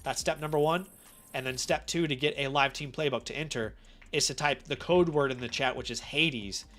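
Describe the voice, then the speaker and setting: A man with a cold hosting a casual live stream, chatty and animated, often asking his viewers questions directly. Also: mid-range voice, normal speed, soft background music. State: has a cold. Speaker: fantasy football live-stream host.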